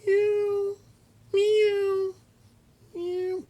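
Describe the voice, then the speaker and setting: A man voicing a silly, childlike male monkey puppet who keeps making the wrong animal noises in a high squeaky voice. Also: monotone, very slow, warm tone, full character voice.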